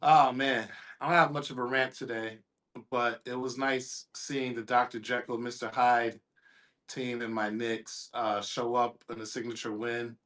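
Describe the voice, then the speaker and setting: A man on a casual sports talk show, laid-back and even-toned as he gives his final thoughts. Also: medium pitch, measured pace. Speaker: podcast panelist.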